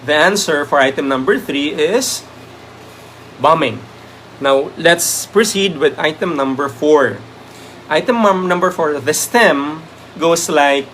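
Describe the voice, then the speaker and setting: Male review lecturer, Filipino accent, slightly higher voice, Taglish, lots of fillers, faint noise behind him. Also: takes it slowly, fairly bright tone. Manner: Taglish code-switching, many "um" fillers; thanks viewers by name. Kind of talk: live-stream exam review.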